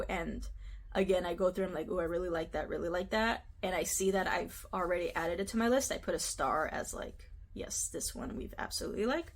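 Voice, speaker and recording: A woman's voice: mid-range voice, fairly bright tone, a little hiss or hum. A woman from the United States chatting casually to camera about her craft trip, talkative and giggly, with lots of fillers. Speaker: cross-stitch vlogger.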